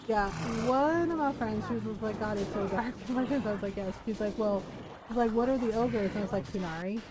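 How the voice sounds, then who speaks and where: A woman's voice: mid-range voice, brisk, heavy background noise. A woman streaming a game live, chatting and giggling as she rambles about the story. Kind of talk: live gameplay commentary.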